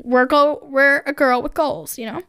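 A woman's voice: sits high, fairly even intonation, moderate pace, fairly bright tone, no echo, studio quality. A young woman hosting her own podcast, chatting casually and gushing, filling her talk with "like" and "um". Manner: chatty, gushing, heavy use of like and um. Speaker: podcast host. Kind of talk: casual solo podcast chat.

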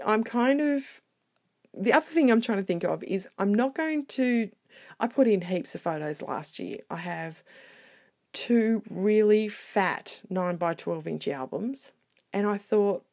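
A woman narrating her scrapbooking video in a casual voiceover, chatty, excitable and quick to poke fun at herself. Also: mid-range voice. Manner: chatty, excitable and self-deprecating. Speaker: scrapbooking vlogger. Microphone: voiceover recorded separately.

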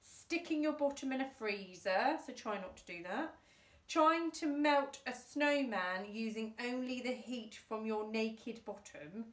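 A woman teacher reading a children's book aloud, animated and with chatty asides. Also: a little high, measured pace. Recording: roomy room, distant mic.

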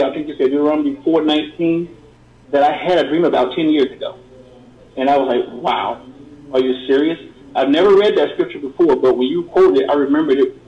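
A middle-aged man calling in to a radio show, giving an earnest, halting testimony with many repeated words. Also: fairly high pitch, darkish tone, dull audio. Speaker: caller. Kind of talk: call-in testimony. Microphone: phone call. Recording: roomy call-in line.

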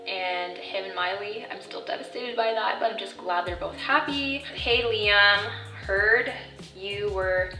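Young woman vlogger, chatty and self-mocking, bright voice, roomy echo, mic set back, soft music behind. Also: medium pitch, a little slow, far from the mic. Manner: chatty, self-deprecating, reads messages aloud. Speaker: vlogger and actor. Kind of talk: casual vlog chat.

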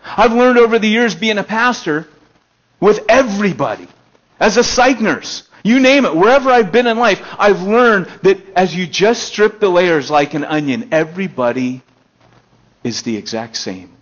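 A male pastor preaching a conversational sermon, moving between emphatic raised passages and low, quiet stretches. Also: expressive, normal speed, highs cut off. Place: elementary school meeting hall.

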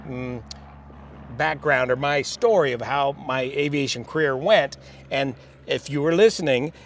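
An older man, an airline pilot being interviewed, telling stories of his flying career in a measured, reflective way. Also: mid-range voice. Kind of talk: relaxed storytelling.

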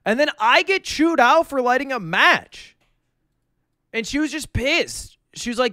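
A man's voice: extremely high pitch, animated, a little slow, pushed and bright, dry recording, studio quality. A young man in his twenties, a streamer casually telling a joking story with plenty of swearing.

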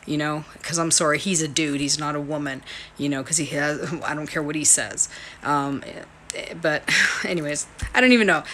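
A woman vlogging from home, rambling and exasperated, with many halting restarts. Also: deep voice, pushed and bright, a little hiss or hum. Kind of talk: casual ranting vlog.

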